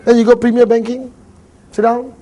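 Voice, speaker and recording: A man's voice: very high voice, flat delivery, moderate pace, warm tone, dull audio, a little hiss or hum. A man with a Malaysian English accent giving a motivational seminar talk to a live audience, joking, acting out little dialogues and laughing often. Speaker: motivational speaker.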